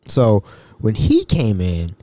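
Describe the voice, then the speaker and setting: A man hosting a casual storytelling podcast, chatty and animated, who fills his talk with "you know" and "like.". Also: on the low side, slow, no echo. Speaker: podcast host recounting work stories.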